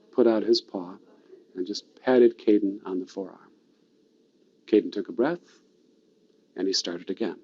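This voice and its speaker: A man giving a storytelling talk, expressive with dramatic pauses. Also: fairly low pitch, muffled recording. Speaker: storytelling presenter.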